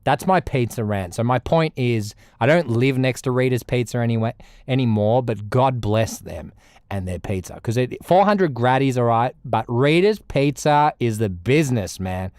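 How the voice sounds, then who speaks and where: A young Australian man chatting casually on a music livestream, rambling, with loud bursts and low mutters. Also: clear, resonant tone, no room sound, clean studio sound. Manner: animated, rambling, swings between loud outbursts and mutters. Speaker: music streamer.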